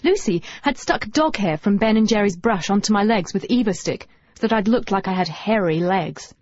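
Woman narrating with lively, wry humour. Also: mid-range voice, normal speed, dry recording. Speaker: audiobook narrator. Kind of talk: first-person novel narration. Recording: dull dry audiobook recording.

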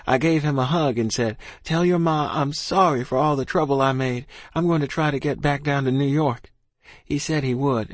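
A man's voice: mid-range voice, no room sound. A man reading a first-person story aloud in a plain, earnest, folksy way. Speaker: audiobook narrator.

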